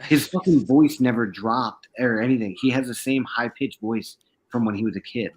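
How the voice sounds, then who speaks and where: A man's voice: medium pitch, normal speed, slightly rough, poor audio. A man co-hosting a casual podcast chat, telling rambling, profane stories. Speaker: podcast co-host.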